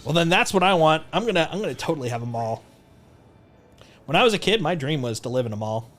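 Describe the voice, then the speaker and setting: A man's voice: on the high side, expressive, fast talker, a bit bright. A man streaming a game live, chatting in a rambling, playful way with lots of jokes and self-restarts. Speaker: livestreamer. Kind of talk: casual gameplay commentary.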